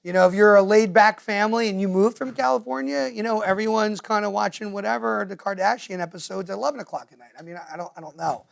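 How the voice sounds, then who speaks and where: Jersey guy giving a talk, high voice, animated, mimics people mid-story. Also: fast talker, gravelly, hardly any pauses. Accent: New Jersey. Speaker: guest speaker. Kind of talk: lively talk to parents. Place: meeting room with a live audience.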